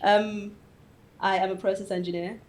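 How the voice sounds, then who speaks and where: A woman from London with a British accent, a podcast guest chatting casually, animated and laughing often as she acts out little quotes. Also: medium pitch, normal speed, crowd noise. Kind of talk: casual chat.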